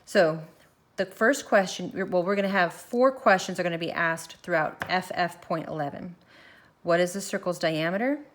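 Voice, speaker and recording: Slightly low-voiced woman math teacher. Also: slight background noise. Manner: walks through steps slowly, thinking aloud. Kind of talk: recorded math lesson. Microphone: phone camera filming her worksheet.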